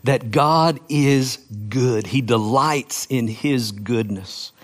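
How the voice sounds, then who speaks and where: A man preaching a sermon, explaining scripture with slow, emphatic phrasing and playful sound-outs of words. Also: medium pitch, soft background music. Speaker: pastor.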